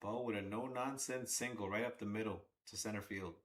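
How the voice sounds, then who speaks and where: Excitable man calling a game. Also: lowish voice, fairly quick. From Long Island, New York. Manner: chatty, excitable, cheers players on, swears now and then. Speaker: fan livestream commentator. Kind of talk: casual live fan commentary on a baseball game.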